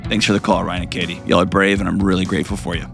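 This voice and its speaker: A man's voice: deep voice, little pitch movement, gravelly, over music. A man hosting an advice call-in show, earnest and emotional. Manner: earnest, emotional, pauses heavily. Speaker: radio show host.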